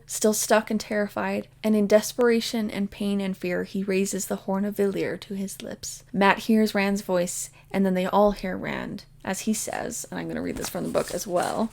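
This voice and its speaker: A book vlogger casually summarizes the plot of a book she loves, her steady mid-pitched voice often dropping into gravelly fry. She's emotionally invested in the story and peppers her retelling with "like" and "basically."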